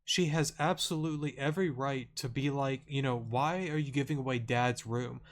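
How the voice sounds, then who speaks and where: A man's voice: mid-range voice, fairly even intonation, moderate pace. Rambling man commenting on a game. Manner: rambling, many fillers and restarts. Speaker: gaming channel host. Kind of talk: casual let's play commentary.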